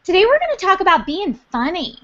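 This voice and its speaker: A woman's voice: extremely high pitch, huge pitch swings, brisk, sharp tone, dull audio. A woman hosting a casual chat show, bubbly and upbeat. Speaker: podcast host.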